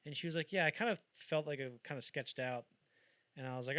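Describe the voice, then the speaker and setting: A man's voice: on the high side, fast talker, no room sound. A man hosting a podcast, telling film-history stories in casual chat and acting out the quotes as he goes. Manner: animated storyteller acting out quotes. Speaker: podcast host.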